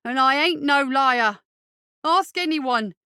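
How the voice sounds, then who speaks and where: A woman's voice: high voice, lively intonation, sharp tone, no echo, clean studio sound, exaggerated voice. A woman doing a stubborn, indignant urchin boy. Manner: stubborn, indignant, slow insistent slang. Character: big hot-tempered, bashful boy street urchin.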